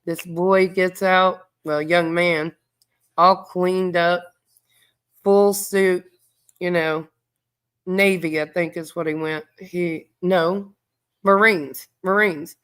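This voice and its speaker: A woman's voice: on the low side, fairly even intonation, slow pace, fairly bright tone, smooth. A middle-aged woman, hosting a livestream, speaking heartfelt and near tears, with a stuffed-up voice while she reads viewer comments aloud. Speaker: true crime livestream host. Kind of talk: emotional livestream chat.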